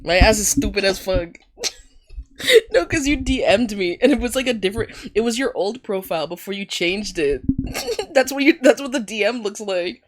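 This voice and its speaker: A woman's voice: medium pitch, lively intonation, moderate pace. A young adult woman streamer chatting casually and laughing often while playing live.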